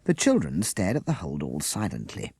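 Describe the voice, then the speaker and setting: A man reading a children's storybook aloud with a lively, expressive delivery. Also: low voice, moderate pace, husky, soft background music. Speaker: audiobook reader. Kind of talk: storybook narration.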